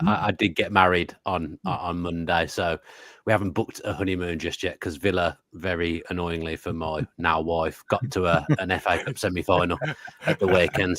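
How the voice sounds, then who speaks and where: Deep-voiced, self-deprecating man. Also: fairly bright tone, no echo, clean studio sound. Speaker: broadcaster. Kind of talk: casual chat. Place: his office.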